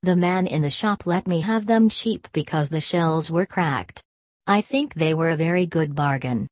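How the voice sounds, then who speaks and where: A woman's voice: low-pitched, normal speed, a little mellow, no room sound, studio quality. A woman voicing a polite, earnest young male bear in an audiobook reading, eager and well-mannered.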